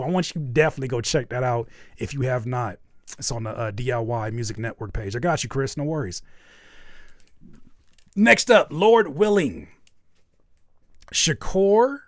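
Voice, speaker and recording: A man's voice: mid-range voice, no echo. Man, live stream host, frank and profane, joking mock outrage, dry close sound. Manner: animated, joking mock outrage at chat comments. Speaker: host reviewing music live.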